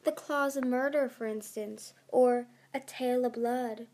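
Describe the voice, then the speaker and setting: A woman voicing a scheming female desert dragon who speaks smoothly, with a purr. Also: on the high side, steady tone, a little slow, darkish tone, pitched above the performer's own voice. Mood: silky. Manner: smooth, purring.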